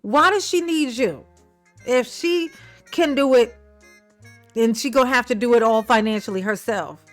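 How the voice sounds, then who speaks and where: Woman, higher register, sassy reaction commentator: mocking, profane, quick to laugh. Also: faint music behind. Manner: sassy and mocking, laughs often, swears freely; breaks into exaggerated mimicking voices. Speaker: commentator reacting to a news clip.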